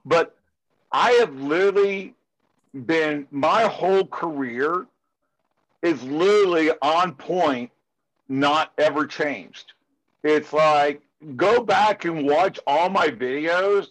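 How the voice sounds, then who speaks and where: Rambling, ranting man with a slightly high voice. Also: slow pace, low-quality recording. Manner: heavy filler use of "it's like". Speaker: security conference speaker. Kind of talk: casual interview chat.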